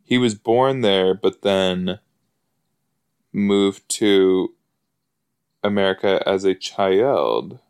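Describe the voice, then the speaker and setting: A man with a lowish voice talks slowly through his reactions to a show. His watch-along commentary is chatty and excitable, peppered with fillers and little gasps. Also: clear, resonant tone. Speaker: podcast host reacting to an episode.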